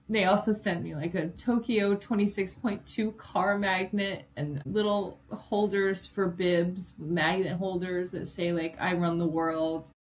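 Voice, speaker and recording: A woman in her forties hosting her own podcast, chatty and emotional, a little jet-lagged, swearing casually as she talks. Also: lowish voice. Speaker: podcast host and life coach. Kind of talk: casual solo podcast monologue.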